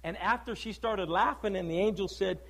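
A man delivers a sermon in a high, lifted voice. He leans hard on his points and keeps asking the listeners rhetorical questions. He shifts between loud declaiming and hushed, heavy stress. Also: a little fast, rough recording. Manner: emphatic, preaching with rhetorical questions; swings from loud declaiming to low, quiet stress. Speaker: preacher.

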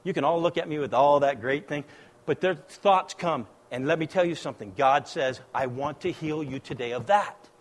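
Impassioned high-voiced preacher man. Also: moderate pace. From United States. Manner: impassioned, swings between loud exhortation and hushed quoting. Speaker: pastor. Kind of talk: sermon.

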